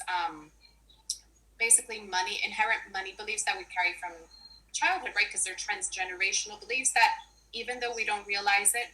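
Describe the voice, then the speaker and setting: A woman in her forties, from Puerto Rico, talking warmly and emotionally on a video call, with lots of restarts. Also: medium pitch, rough recording. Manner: warm, emotional, chatty with frequent restarts. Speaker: finance professional and money coach. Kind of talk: casual video-call chat.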